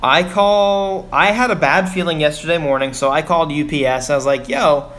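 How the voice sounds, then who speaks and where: A man's voice: fairly high pitch, fairly even intonation, brisk, a bit bright. A young man venting on a casual live stream from his home garage, sighing often and rambling with fillers about a bad experience. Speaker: vlogger.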